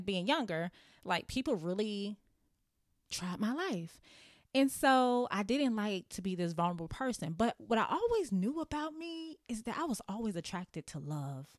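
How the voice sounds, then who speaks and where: A woman's voice: on the low side, dry recording, studio quality. A woman in her thirties hosting a podcast, telling her own story in a candid, playful way and laughing often. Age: 30s. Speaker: podcast host. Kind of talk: casual storytelling monologue.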